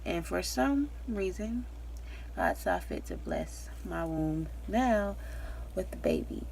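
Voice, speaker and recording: A woman's voice: lowish voice, vocal fry, a little mellow, slight background noise. A young pregnant woman giving a rambling, chatty vlog update, full of fillers and little laughs. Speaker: vlogger.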